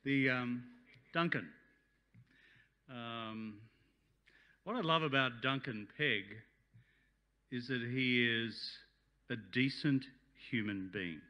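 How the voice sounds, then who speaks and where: A man's voice: mid-range voice, slow, long pauses, highs cut off. An Australian man in his sixties giving a chatty, joking speech at a community function. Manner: chatty, jokey, warm-hearted. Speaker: guest speaker. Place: function hall.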